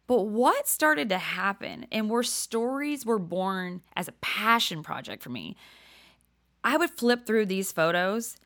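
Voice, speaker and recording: A woman's voice: medium pitch, fairly bright tone. An older woman hosting a podcast, telling personal stories in a chatty way, laughing often and dropping to near-whispers for emphasis. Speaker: podcast host. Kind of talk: casual storytelling monologue.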